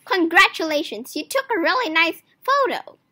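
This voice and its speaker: A woman's voice: very high voice, very animated, moderate pace, sharp tone, dry recording, clean studio sound, full character voice. A woman voicing a smug, boastful female mouse who runs a rival newspaper in a storybook reading. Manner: boastful, teasing.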